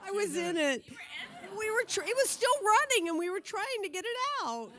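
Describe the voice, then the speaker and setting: A woman's voice: very high voice, sing-song, moderate pace, fairly bright tone, a faint crowd. A woman talking casually on a panel, chiming in and correcting details of shared stories.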